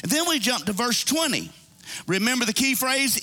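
A man preaching a sermon, reading scripture and retelling it with animated asides and character voices. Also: very high-pitched, moderate pace. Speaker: pastor.

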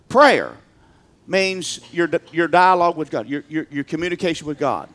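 A male pastor preaching a sermon, emphatic, swinging from loud bursts to quiet talk. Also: fairly high pitch, animated, moderate pace.

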